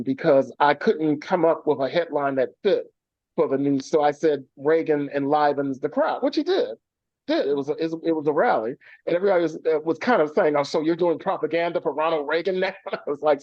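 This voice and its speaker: A man's voice: fairly high pitch, expressive, normal speed, no echo. A man, a journalist and activist, telling long anecdotes with many fillers in a remote radio interview over a video call. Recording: dull lo-fi call audio.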